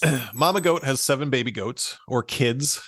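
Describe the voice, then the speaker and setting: A man's voice: mid-range voice, normal speed, a bit bright, dry recording, studio quality, faint music behind. Chuckling man retelling a fairy tale. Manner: amused, laughs often while reading. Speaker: podcast co-host.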